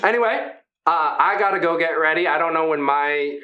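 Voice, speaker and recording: A man's voice: on the high side, a little fast, pushed and bright, muffled recording, pitched above the performer's own voice. A man voicing Brutus, a kind, rambling fifteen-foot triceratops-like arena fighter who keeps reinventing his act. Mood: earnest. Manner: earnest, rambling, self-reinventing showman.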